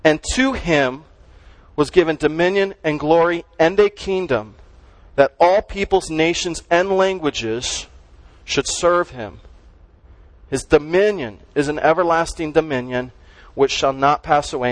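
Pastor, male, slightly high pitch, dry close-miked sermon; conversational, punchy, asks the crowd questions. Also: a little slow, dry recording, poor audio. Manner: conversational, emphatic preaching with rhetorical questions.

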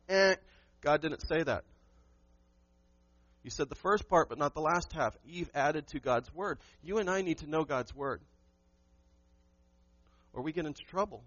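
A pastor delivers a Sunday sermon with emphatic punches and rhetorical questions thrown to his congregation. His voice sits a touch high for a man. The sound is dry and slightly dull, with no room ring. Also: unhurried, pauses often, fairly bright tone, dry recording.

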